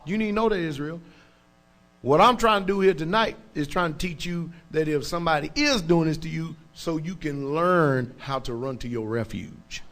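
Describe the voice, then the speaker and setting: A man's voice: fairly high pitch, moderate pace, fairly bright tone. A man, a pastor, preaching a sermon in an emphatic, colloquial way and checking in often with his congregation. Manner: colloquial, informal speech.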